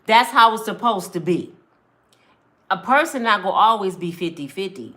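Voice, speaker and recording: Her medium-pitched voice is animated, bright, and forceful at a moderate pace as she mentors viewers on relationships. It's a preachy monologue to camera, emphatic and conversational in a street-preacher manner, with quotes she acts out.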